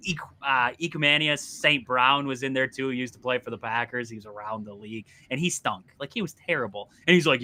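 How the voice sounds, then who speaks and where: A man co-hosting a sports podcast, talking in an animated, exasperated way and laughing often. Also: mid-range voice, a little fast, few pauses. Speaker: podcast co-host. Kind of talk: casual sports chat.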